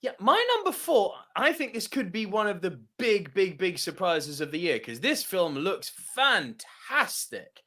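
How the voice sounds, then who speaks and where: A man from France co-hosts a laid-back movie chat. He talks in an animated, emphatic way, his pitch leaping around and sitting a little high. He swears often. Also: unhurried, hardly any pauses. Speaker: co-host of a movie podcast. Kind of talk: casual chat.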